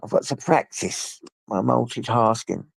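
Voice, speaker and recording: A man's voice: medium pitch, measured pace, vocal fry, husky, no echo. A man chatting casually on a live stream from his phone, rambling and talking to his pets, with a blocked nose from a coming flu. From England. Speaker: livestreamer.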